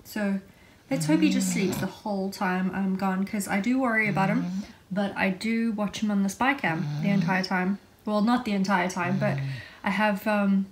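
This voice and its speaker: A woman's voice: medium pitch, noisy background. A young woman chatting casually in a home vlog, often cooing at her dog. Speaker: vlogger and dog owner.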